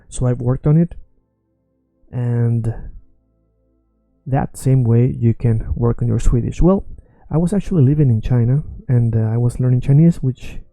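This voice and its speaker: This online language teacher, a man who isn't a native English speaker, has a creaky mid-range voice and explains the lesson with confident, animated self-assurance. There's no room sound.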